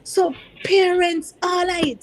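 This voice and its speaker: A woman teacher with a Jamaican accent speaks earnestly and passionately to parents in a very high-pitched voice, with fairly even intonation and a slow pace. She is emphatic, repeats her points, and mixes in patois. The recording is low quality.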